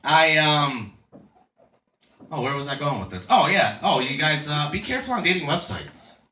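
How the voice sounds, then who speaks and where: Male stand-up, 30s, crude crowd-work style, animated delivery, roomy distant club recording. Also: on the high side, normal speed, a little hiss or hum. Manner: crude, self-mocking, chatty with the crowd. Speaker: stand-up comedian. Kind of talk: stand-up comedy set. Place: comedy club stage before a laughing crowd. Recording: echoey club room, mic heard from a distance.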